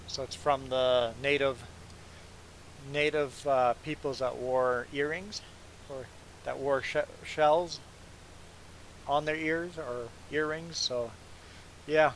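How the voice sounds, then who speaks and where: A man's voice: medium pitch, fairly even intonation, takes it slowly, long pauses, a bit bright, slight background noise, rough recording. A man whose first language is not English, streaming a farming game and chatting casually and rambling to viewers. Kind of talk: casual chat while gaming.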